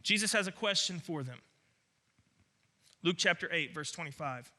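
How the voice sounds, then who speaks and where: A man's voice: fairly high pitch, animated, moderate pace, long pauses, pushed and bright. A man preaching a sermon as pastor, earnest and emphatic, often doubling his words as he restarts.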